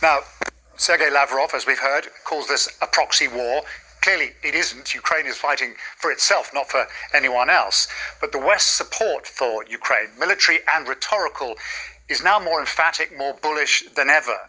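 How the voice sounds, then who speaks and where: A male diplomatic correspondent giving a measured, explanatory broadcast news report. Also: mid-range voice, bright, forceful tone, poor audio.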